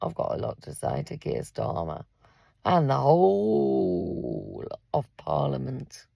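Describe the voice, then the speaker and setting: A woman in her fifties with a heavily gravelly, husky voice rants bluntly and swears freely. She talks slowly, her pitch swinging widely between low and high. She sounds close and dry, with no room echo. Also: wildly swooping pitch, mellow. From England. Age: 50s. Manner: blunt, swears freely, addresses listeners directly. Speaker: parent and carer. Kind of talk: angry vlog rant. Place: in a car in a car park.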